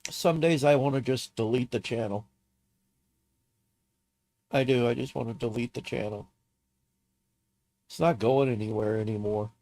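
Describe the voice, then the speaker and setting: A man streaming alone, crying and talking in a despondent, halting, repetitive way. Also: mid-range voice, a little mellow. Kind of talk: live stream monologue.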